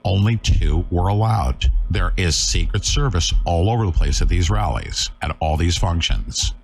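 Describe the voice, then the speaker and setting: A man's voice: low voice, moderate pace. A middle-aged man hosting a live talk show, talking urgently and emphatically, scolding his viewers.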